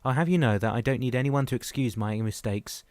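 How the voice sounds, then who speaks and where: Impulsive jovial husband, voiced by a male reader, shouty and blunt, dry sound. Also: on the low side, quick pace, no room sound, natural voice. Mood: agitated. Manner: loud, blurting.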